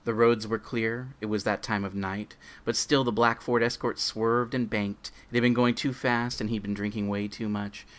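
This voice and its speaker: A man's voice: lowish voice, little pitch movement, moderate pace, hardly any pauses, fairly bright tone. A man hosting a podcast, chatting casually and reading a story aloud. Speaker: podcast host.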